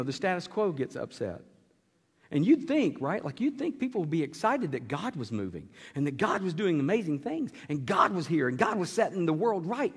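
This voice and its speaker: Animated pastor in a reverberant hall. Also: male voice, on the high side, creaky, husky. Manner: animated storytelling, acting out characters with asides and laughs. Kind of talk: sermon. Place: church sanctuary.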